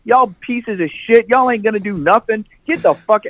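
A man's voice: sits high, normal speed, dry recording, dull audio, pitched above the performer's own voice. A man putting on the voice of a big, tough cashier woman scolding and cursing at troublemakers. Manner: bossy, profane, scolding.

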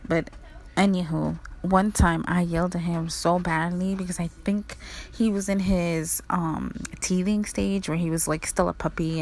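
A young woman of Mexican-American background talking through a casual, reflective monologue, chatty and loose, often saying "like" and swearing now and then. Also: fairly low pitch. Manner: chatty, frequent "like", laughs and swears.

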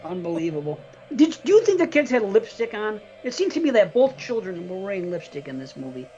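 A podcast co-host reviewing a horror film in casual, animated chat, cursing and laughing often. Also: mid-range voice, brisk, dull audio, soft background music.

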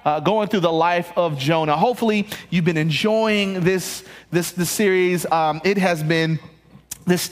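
Male pastor, high voice, animated sermon delivery from a church stage. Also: big-room sound. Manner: animated, acts out the voices in the scripture reading.

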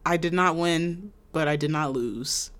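A woman co-hosting a podcast, chatting casually in a laid-back, drawn-out way. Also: deep voice, a bit bright. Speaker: podcast co-host. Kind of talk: casual chat.

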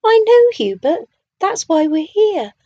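A woman's voice: very high-pitched, takes it slowly, dry recording, dull audio, pitched above the performer's own voice, heavily acted. A woman voicing a small, cheerful male creature that rides in a scarf, talking eagerly in a storybook reading. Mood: concerned. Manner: eager, excitable.

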